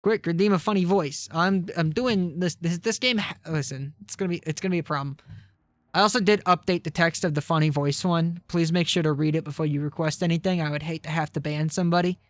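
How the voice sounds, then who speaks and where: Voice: medium pitch, brisk, no echo. A game streamer chatting casually with viewers, swearing often and rambling in a self-deprecating way. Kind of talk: casual live-stream chat while gaming.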